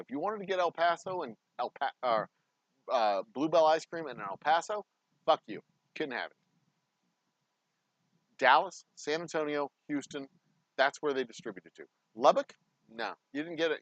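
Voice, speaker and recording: A man's voice: medium pitch, fairly bright tone, no room sound, lo-fi sound. A man, a distillery owner talking casually in a vlog, swearing heavily as he rants and rambles into stories. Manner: profane, ranting, heated. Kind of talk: casual behind-the-scenes vlog talk.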